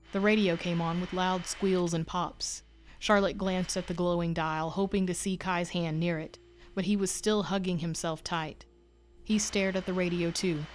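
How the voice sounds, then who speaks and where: Woman narrator for a horror audio story, slightly low voice, steady suspenseful telling. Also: slight background noise. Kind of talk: scripted narration.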